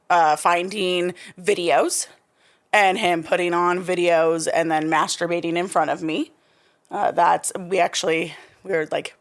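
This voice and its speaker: Soft-spoken young woman telling her story. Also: on the low side. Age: young adult. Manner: frank, soft-spoken, with many fillers. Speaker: guest. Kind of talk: personal storytelling interview.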